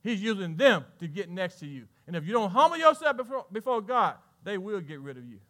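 Male pastor, high voice, bright and forceful, preaching, asks the crowd questions, loud then hushed. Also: sing-song, fairly quick. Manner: preaching with sudden swings between loud and hushed; talks to the congregation with questions. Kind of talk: sermon.

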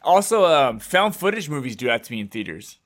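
A man's voice: mid-range voice, big pitch swings, brisk, fairly bright tone. A young man, a co-host rambling casually over a video call and swearing offhandedly. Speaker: podcast co-host. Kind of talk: casual chat.

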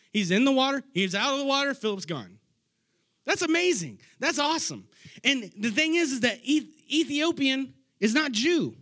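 This preacher's fairly high, fairly bright voice carries a loose, conversational sermon of Bible stories. He is enthusiastic and slangy and keeps restarting his sentences.

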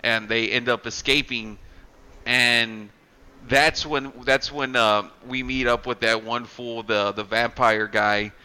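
A man's voice: fairly even intonation, slow pace, pushed and bright, clear, resonant tone, low-quality recording. A man recapping a horror movie in casual chat, rambling and swearing, acting out quotes. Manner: rambling, profane, acts out quotes with rising pitch.

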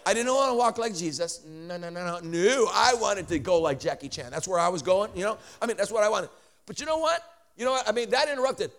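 High-pitched guy preaching, storytelling sermon, jokey and animated, lots of i mean. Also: fairly quick. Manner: animated, joking asides, many "I mean" restarts. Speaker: traveling preacher.

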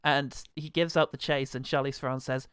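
A man's voice: medium pitch, fairly even intonation, fairly quick, a bit bright, clean tone, no echo, studio quality. A man co-hosting a casual podcast, joking playfully and swearing while he recounts favourite film moments. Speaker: podcast co-host.

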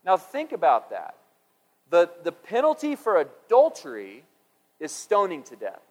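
A middle-aged man preaching a sermon in a conversational, musing way, rising for emphasis and dropping low when quoting scripture. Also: huge pitch swings, unhurried. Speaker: pastor.

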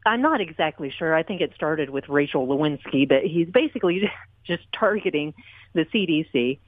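A woman's voice: low-pitched, lively intonation, moderate pace, no room sound. A woman calling in to a radio show, hesitant, with nervous laughs. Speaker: caller. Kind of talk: phone call to a radio show. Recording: tinny phone line.

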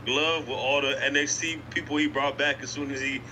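Relaxed guest man, halting speech. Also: mid-range voice. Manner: relaxed, halting, many fillers. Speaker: podcast guest. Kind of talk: casual chat. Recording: clear background noise.

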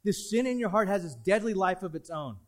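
A man with a notably high voice preaches from the pulpit. His delivery is dynamic, leaning in hard on key lines and then falling to a soft, confiding hush. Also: lively intonation, brisk. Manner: dynamic preaching, swinging between loud emphasis and hushed asides. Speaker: pastor. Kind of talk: sermon.

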